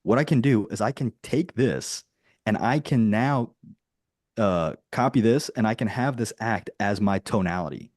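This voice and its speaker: A man's voice: on the low side, measured pace, darkish tone, no echo. Dry-voiced direct male coach. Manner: direct, dry humor, dull tone; rambling, with many restarts and "right?" tags. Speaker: business coach. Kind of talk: casual teaching on a group call.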